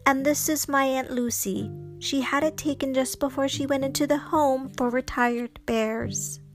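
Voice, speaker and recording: A woman's voice: high-pitched, fairly even intonation, a little slow, music in the background. A woman voicing a small, polite young male bear in a storybook reading. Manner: polite, gentle.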